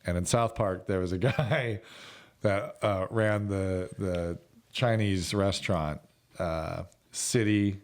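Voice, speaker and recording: Man, middle-aged, low voice, casual podcast chat, crude jokes, frequent laughs. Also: slow. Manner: chatty, laughs often, crude joking. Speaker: podcast co-host.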